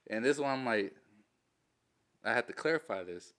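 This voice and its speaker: Speaking at normal speed in a mid-range voice, the veteran laughs and curses his way through a war story, animated throughout the casual interview.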